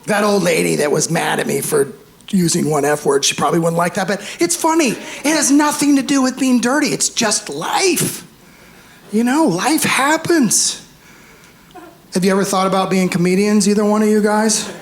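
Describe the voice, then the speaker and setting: A man in his fifties performing a stand-up comedy set on a club stage, animated, acting out voices and shouting punchlines. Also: sits high, moderate pace, vocal fry. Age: 50s. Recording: roomy live club sound with faint crowd noise. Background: audience laughter.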